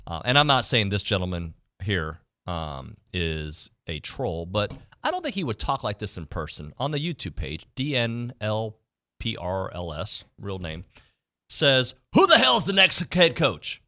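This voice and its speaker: Animated male sports radio host. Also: low voice, a little slow, no room sound, studio quality. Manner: animated, builds from somber to excited ranting. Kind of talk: sports talk radio chat. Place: radio studio. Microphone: studio mic.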